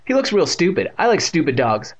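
A man's voice: fairly high pitch, huge pitch swings, a little fast, husky, voice pushed up, full character voice. A man reading aloud and voicing a bold, teasing young girl who speaks bluntly and playfully.

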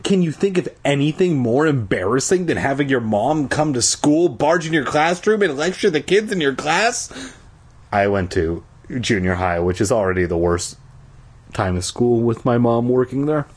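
A husky-voiced man reads a kids' story aloud with a lively, swinging delivery. He breaks in with irreverent, crude jokes between passages. The tone stays casual and mocking. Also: mid-range voice, moderate pace. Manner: irreverent, joking. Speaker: reader. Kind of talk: comedic storybook reading with crude asides.

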